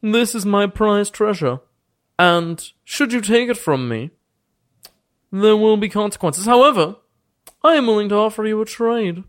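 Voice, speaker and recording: A man's voice: high voice, lively intonation, measured pace, no room sound, voice pushed up. A man voicing a boastful, scheming ancient male ruler who rambles on theatrically about his past.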